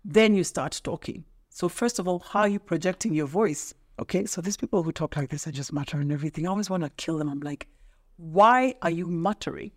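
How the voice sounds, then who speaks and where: A woman's voice: on the low side, fast, few pauses, a little mellow. A middle-aged woman talks in a casual podcast interview. She speaks like a trainer, emphatic and teacherly, and makes her points with rhetorical questions. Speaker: guest, public speaking trainer.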